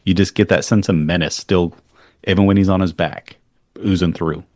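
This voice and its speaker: A man's voice: deep voice, steady tone, moderate pace, a little mellow, no room sound. A man co-hosting a casual movie commentary podcast, rambling and restarting mid-sentence, swearing casually. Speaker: podcast co-host.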